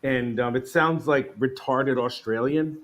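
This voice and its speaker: A man's voice: mid-range voice, unhurried. A man from New York City with a New York accent, hosting a casual stream chat, swearing freely and laughing often. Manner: profane, animated, laughs often. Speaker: stream host.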